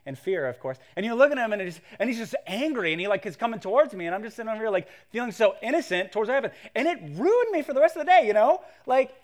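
A young adult man preaching a sermon to a congregation, telling stories in a conversational, humorous way that builds in excitement. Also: very high-pitched, very fast, hardly any pauses. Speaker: pastor.

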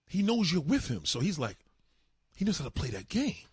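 Husky, animated ranting man. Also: a little high, moderate pace, no room sound, clean studio sound. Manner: profane, animated, swinging delivery. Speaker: livestream host. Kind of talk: ranting comedic commentary.

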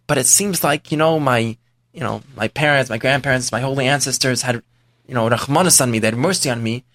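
A man's voice: medium pitch, brisk, fairly bright tone, no echo, clean studio sound, close to an everyday voice. A man voicing a repentant rich man who confesses his past in an earnest, plain way. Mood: confessional. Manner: earnest, confessional first-person telling. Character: repentant rich man, former priest, older.

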